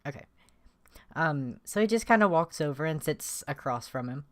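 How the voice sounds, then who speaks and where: A woman's voice: low-pitched, expressive, moderate pace. A woman playing in a tabletop role-playing game, giggly and unsure, often asking how things work. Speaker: player. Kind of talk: casual tabletop game chat.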